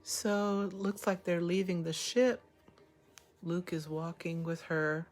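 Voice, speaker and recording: A woman's voice: on the low side, takes it slowly, soft background music. A woman hosting a live reaction to a TV episode, talking emotionally and exclaiming at each scene. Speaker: show reaction host.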